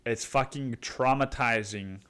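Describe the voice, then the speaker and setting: Recorded on a podcast microphone with a clean tone, this male host runs a solo rant show, cursing and wandering off topic while constantly saying "dude." His mid-range voice is a bit bright and his delivery unhurried.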